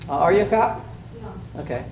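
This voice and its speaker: Playing a mock trial judge, a man with a fairly high, darkish voice offers students folksy, plainspoken critique, speaking a little fast and dropping plenty of "uh"s and "um"s. He seems distant from the mic, in a roomy, echoey space with a faint hiss of room noise.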